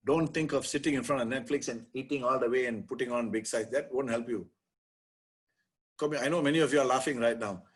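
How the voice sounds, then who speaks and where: A middle-aged man with a Singaporean accent, a lawyer giving an energetic, animated motivational webinar talk to property agents, dropping Singlish particles. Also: mid-range voice, a little fast, slightly rough.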